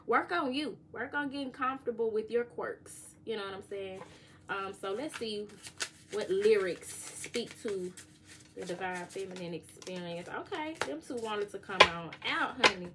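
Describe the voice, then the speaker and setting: A woman's voice: mid-range voice, unhurried, noisy background. Chatty woman giving a casual tarot reading. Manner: chatty, joking, sings lyric snippets softly. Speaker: tarot reader.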